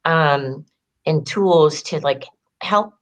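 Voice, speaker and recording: Chatty woman coach, low-pitched. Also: very slow. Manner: chatty, heavy "like" fillers, acts out quoted dialogue. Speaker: empowerment coach, guest. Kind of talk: casual interview storytelling.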